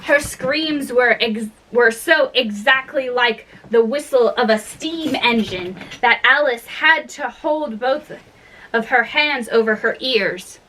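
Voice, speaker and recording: A woman reading a classic children's story aloud, unhurried, with small slips and restarts. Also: a little high, pushed and bright, slight background noise, rough recording. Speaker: narrator.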